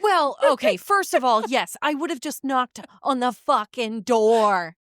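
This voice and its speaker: A woman's voice: high voice, expressive, measured pace, a bit bright, no room sound, studio quality. A woman co-hosting a book podcast, speaking bluntly and swearing freely in casual chat.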